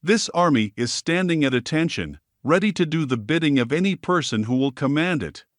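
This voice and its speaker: A man narrating a self-help audiobook in a steady, measured reading voice. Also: a little high, dry recording, clean studio sound.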